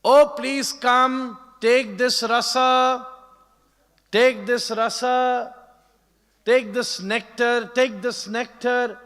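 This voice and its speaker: A man voicing a strict old cowherd chief who calls out loudly and scolds, in a reverberant hall. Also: medium pitch, expressive, normal speed, long pauses, natural voice. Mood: calling out. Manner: loud commanding calls, scolding. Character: stern generous old male cowherd chief.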